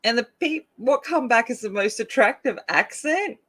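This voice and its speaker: A chatty Australian woman from North Queensland talks while she colours. Her pitch swings widely as she giggles and rambles along with plenty of fillers. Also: lively intonation, normal speed, fairly bright tone. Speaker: colouring channel host. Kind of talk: casual chat while colouring.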